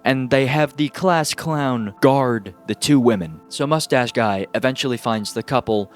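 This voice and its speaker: A man talking through a horror film recap with a sarcastic, jokey edge. He gets excited in bursts and fills his sentences with casual fillers. His voice sits at an ordinary middle pitch, with faint music behind him. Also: measured pace. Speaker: movie recap host. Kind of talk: casual comedic movie recap.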